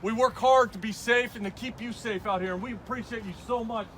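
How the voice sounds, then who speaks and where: High-pitched cop talking earnest and reassuring to a protest crowd, noisy street sound all around. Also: male voice, a little fast. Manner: earnest, reassuring, repeats himself. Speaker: police officer. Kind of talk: addressing protesters. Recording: noisy outdoor street recording.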